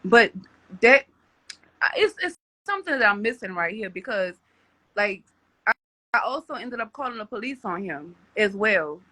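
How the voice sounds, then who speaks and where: A woman's voice: medium pitch, big pitch swings, normal speed, pauses often, bright, forceful tone, no echo. A woman telling a personal story as a podcast guest, rambling with many restarts and repeated words.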